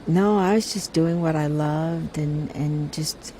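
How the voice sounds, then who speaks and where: A middle-aged woman as a celebrity guest in a casual interview, speaking softly and reflectively, often restarting her sentences. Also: deep voice, slow, a little hiss or hum. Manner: soft-spoken, reflective, with many restarts.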